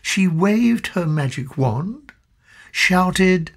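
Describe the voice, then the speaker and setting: A woman narrating a children's storybook in an expressive, slow storytelling manner. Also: lowish voice.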